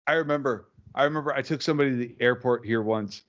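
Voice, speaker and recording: A man's voice: mid-range voice, fast, a bit bright, muffled recording. A man co-hosting a casual comedy podcast, trading wry, laughing banter and short anecdotes. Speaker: podcast co-host.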